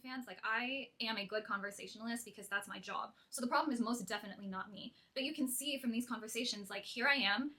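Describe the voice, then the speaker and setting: A woman's voice: fairly high pitch, quick pace, few pauses, sharp tone. A young woman in a clip, casually explaining to the camera with many "like" fillers. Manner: chatty, filler-heavy with "like". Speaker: content creator in a clip.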